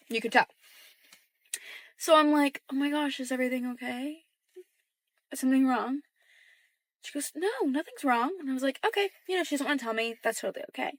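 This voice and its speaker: Young woman, casual storyteller, bright voice, dry close sound, chatty, quotes dialogue softly. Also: fairly high pitch, dry recording.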